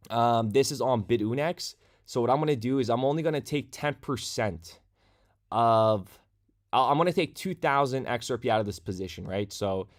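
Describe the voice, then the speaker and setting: A man hosting a casual crypto livestream, chatty and talking straight to his viewers, at a desk microphone in a room at home. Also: mid-range voice. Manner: chatty, reads viewer comments aloud.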